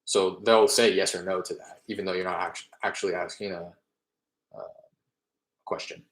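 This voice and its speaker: A man's voice: low voice, fairly even intonation, normal speed, reverberant. A young man in casual talk, explaining his real estate cold-calling method between live calls, rambling a little as he goes.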